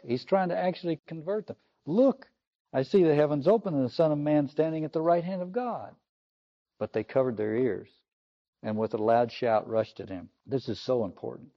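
A man delivers an earnest sermon on scripture at a middle pitch. He speaks with emphasis and lifts his voice sharply for quoted lines. The recording sounds a little dull and lo-fi. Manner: earnest, emphatic, rises sharply when quoting. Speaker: preacher.

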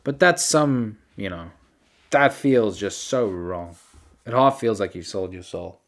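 A man's voice: lowish voice, expressive, a little slow. A man talking alone into his podcast mic, rambling and ranting in disbelief. His voice swoops up and down a lot, and he keeps undercutting himself with self-deprecating asides. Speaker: podcast host. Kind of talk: solo podcast monologue.

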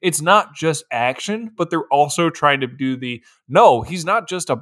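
A man co-hosting a casual film podcast, excitable and swearing, laughing often as he recaps his favorite moments. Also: fairly high pitch, normal speed. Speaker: podcast co-host. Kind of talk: casual movie recap chat.

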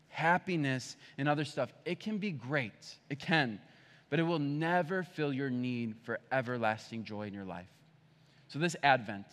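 Man, young adult, pastor, conversational sermon, lively pitch, long hall echo. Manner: conversational, animated preaching with playful acted asides.

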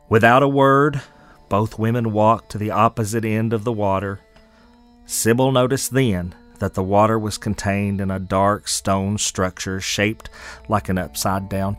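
Male narrator, lowish voice, faint music under. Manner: measured, descriptive storytelling. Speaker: storyteller. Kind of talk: scripted narration.

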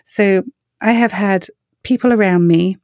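A middle-aged woman with an English accent, a worship singer answering interview questions with earnest, storytelling warmth. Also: mid-range voice, measured pace, no room sound, clean studio sound. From England. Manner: earnest, storytelling, animated when quoting others.

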